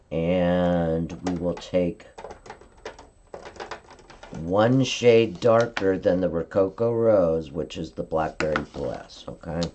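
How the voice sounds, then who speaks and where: Brief: woman craft demonstrator, low warm voice, chatty step-by-step coaching on a live stream. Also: dull audio, a little hiss or hum. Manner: chatty step-by-step instruction, frequent "okay?" check-ins. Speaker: card-making demonstrator.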